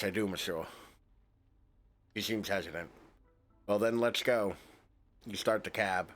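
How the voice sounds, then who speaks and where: A man's voice: fairly low pitch, fairly bright tone. A man streaming a game, reading its text aloud and breaking off into joking, swearing asides.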